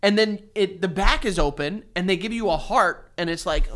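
A man co-hosting a casual podcast chat, loud and animated, swearing freely and breaking into loud laughter. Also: high-pitched, normal speed. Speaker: podcast co-host.

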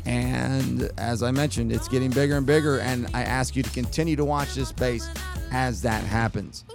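A man with a gravelly, mid-range voice hosts his own podcast, moving at a moderate pace over background music. He rambles through a long festival story in a casual, animated way, acting out the dialogue with quoted lines.

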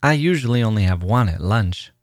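A man voicing a bright, polite little girl with an eager, chattering way of talking. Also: lowish voice, expressive, brisk, no room sound, clean studio sound, natural voice. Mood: earnest.

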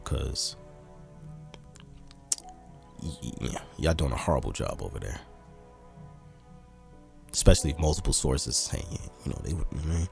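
A man hosting a podcast in casual, slangy chat, animated and teasing. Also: moderate pace, creaky, long pauses, faint music behind. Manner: slangy, animated, mocks others in a high squeaky voice. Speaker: podcast host.

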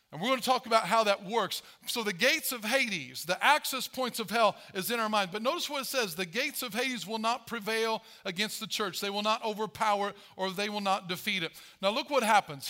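A man preaching a sermon as pastor, animated, acting out Bible voices as he tells the story. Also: high-pitched.

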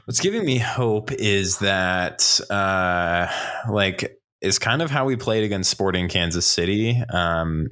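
A man's voice: deep voice, animated, slow pace, pushed and bright. A man on a casual podcast panel, chatting in a rambling, self-interrupting way and laughing often. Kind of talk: casual chat.

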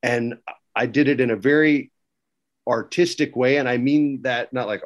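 A middle-aged man telling stories as a guest, lively and laughing as he acts out quoted lines. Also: medium pitch, normal speed. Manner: laughs often while talking. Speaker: guest recalling work as a wrestling writer. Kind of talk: casual anecdote-telling.

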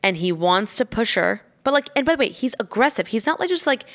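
A mother telling a story in casual chat, animated, swearing freely and acting out what she said. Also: on the high side, a little fast. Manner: animated, swears freely, acts out quoted lines.

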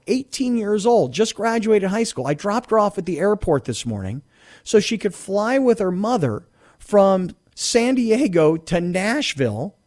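A middle-aged man hosting a sports talk radio show in a studio, talking in an animated, rambling way and acting out the voices of the people he quotes. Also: high voice.

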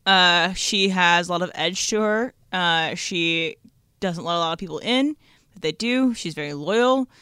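A woman's voice: fairly low pitch, measured pace, bright, forceful tone, clear, resonant tone, no room sound, clean studio sound. A woman regular on a sports radio show, answering a listener question in a thoughtful, hesitant way with fillers. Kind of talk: casual chat. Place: radio studio.

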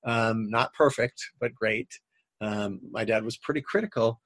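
A man's voice: on the low side, unhurried, fairly bright tone, no room sound. A middle-aged man, a coach and guest on a radio talk show, speaking earnestly and rambling with many fillers. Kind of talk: casual interview chat.

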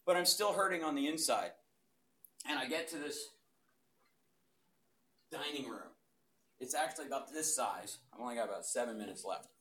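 A man in his fifties giving a testimony to a live audience in a church hall, telling his story with loud bursts and hushed asides. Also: mid-range voice, expressive, moderate pace, long pauses.

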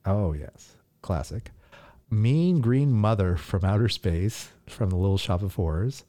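A man's voice: lowish voice, lively intonation, unhurried, mellow. A man co-hosting a podcast, teasing and quizzing his partner in casual chat. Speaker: podcast co-host.

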